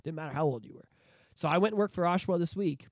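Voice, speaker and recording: A man in his thirties hosting a podcast, telling nostalgic stories in an animated, profane, casual way. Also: a little high, fast talker, no room sound, clean studio sound. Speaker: podcast host.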